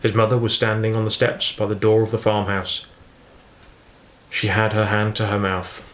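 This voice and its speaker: A man narrating a novel in a measured storytelling reading. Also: on the low side, level tone, fairly bright tone. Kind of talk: audiobook reading. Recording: roomy echo.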